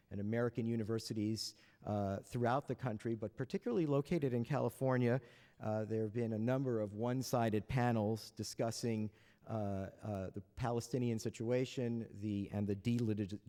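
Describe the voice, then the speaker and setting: A man with a lowish, dark voice opens a panel for an audience with dry jokes and lots of hesitant "uh"s. Wry asides break up his halting, filler-heavy delivery. The setting is a large lecture hall, and the recording has a reverberant hall sound.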